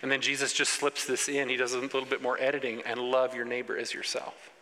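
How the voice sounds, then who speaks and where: Bright-voiced male preacher in an echoey hall. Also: mid-range voice, level tone, quick pace. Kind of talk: sermon to young people. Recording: long echo, faint background noise.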